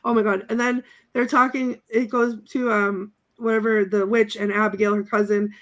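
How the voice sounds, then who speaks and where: A woman's voice: medium pitch, level tone, moderate pace. A woman co-hosting a podcast, laughing as she gives a giggly, breathless recap of a film. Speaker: podcast co-host. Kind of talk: casual chat.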